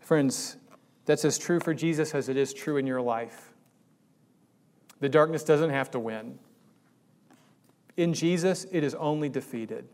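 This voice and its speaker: A man's voice: a little high, a little slow, long pauses, a little mellow. A man preaching a sermon in a conversational way that rises to emphatic peaks. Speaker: pastor.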